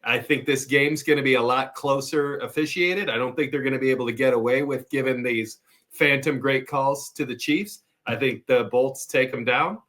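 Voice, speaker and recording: A man's voice: mid-range voice, normal speed, a bit bright. A man appearing as a guest on a sports podcast, giving confident football picks in casual chat. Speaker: guest picker.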